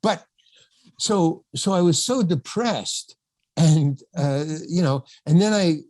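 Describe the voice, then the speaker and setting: An older man, a podcast guest, telling an anecdote in a rambling, halting way, full of restarts and asides. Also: on the high side, animated, a little mellow, dry recording. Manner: rambling, halting, many restarts and "you know". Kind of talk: storytelling anecdote in casual chat.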